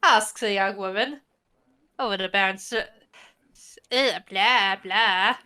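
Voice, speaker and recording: A woman's voice: medium pitch, slow, bright, forceful tone, clear, resonant tone. A woman narrating a tabletop game as game master with wry, playful narration.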